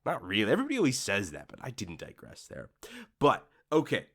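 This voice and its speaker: Animated ranting podcast man. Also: medium pitch, a little fast, husky. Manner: ranting, animated, acts out customers' inner voices. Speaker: podcast host. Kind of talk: solo podcast monologue. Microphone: studio microphone.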